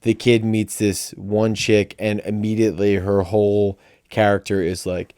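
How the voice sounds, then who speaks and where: A laid-back man co-hosting a casual podcast, talking in a lowish, mellow voice. He drifts along with easy agreement and swears freely. The sound is dry and close, with no room around it. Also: little pitch movement, moderate pace, hardly any pauses, clean tone, no echo. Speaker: podcast co-host. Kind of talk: casual chat.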